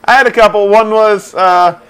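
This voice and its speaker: A man's voice: high voice, fairly even intonation, normal speed, a bit bright, smooth. A young man co-hosting a casual chat show, blunt and sarcastic in his remarks. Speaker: co-host.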